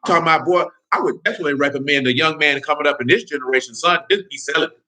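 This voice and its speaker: Racing along in a high, bright voice, a podcast host gives casual commentary that's blunt, heated and laced with swearing. He constantly checks in with "you know what I'm saying."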